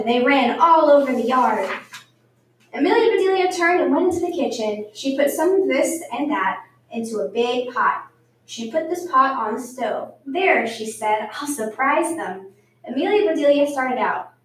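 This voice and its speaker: A woman reading a children's storybook aloud, lively and acting out the voices. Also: sits high, normal speed. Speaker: storybook reader. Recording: echoey room, far from the mic.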